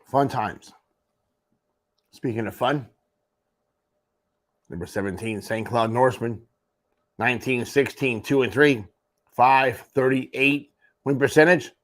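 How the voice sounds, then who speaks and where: A man's voice: medium pitch, takes it slowly, long pauses, fairly bright tone. Guy doing a morning hockey rundown, mid voice, joking asides here and there. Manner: wry, offhand asides between standings. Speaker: host. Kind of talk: sports radio rundown.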